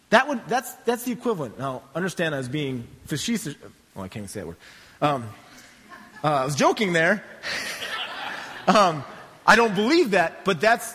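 A man pastor preaching a sermon in a church, conversational and animated, with joking asides. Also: high-pitched, in a large hall.

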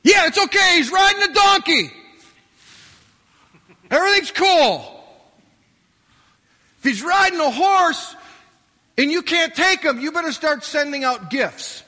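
A casual male city watchman voiced by a preacher shouts down from the wall. The voice is high and sharp and rings out through a long hall reverb. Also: animated, measured pace, pauses often, exaggerated voice. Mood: breezy shouting. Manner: shouted, breezy.

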